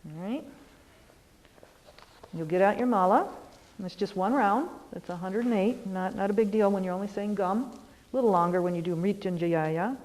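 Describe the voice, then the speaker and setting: A middle-aged woman yoga teacher guiding a lesson, gently encouraging and often checking in with "all right". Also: medium pitch, normal speed, long pauses, long reverb tail, rough recording. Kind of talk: guided lesson on goals and mantra practice.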